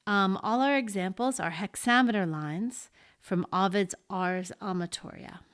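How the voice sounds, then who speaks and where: A woman teaching an introductory lesson, explaining things slowly and deliberately and pausing as she marks examples. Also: mid-range voice, fairly bright tone, smooth. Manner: slow and deliberate, pausing to mark syllables. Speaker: Latin teacher. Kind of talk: slow, careful lesson explanation.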